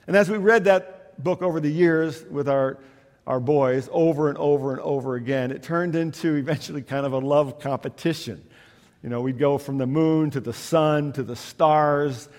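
A man preaches in a church, his voice a touch higher than most, carried by a long, ringing reverb in the hall. He tells stories casually and drops into soft asides before lifting again. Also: brisk. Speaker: pastor. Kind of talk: sermon. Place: church sanctuary.

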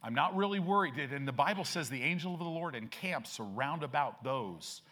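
A man's voice: a little high, animated, moderate pace, bright, forceful tone. An older male pastor preaching in a church, telling stories conversationally and building up to emphatic declarations. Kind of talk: sermon. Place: church sanctuary.

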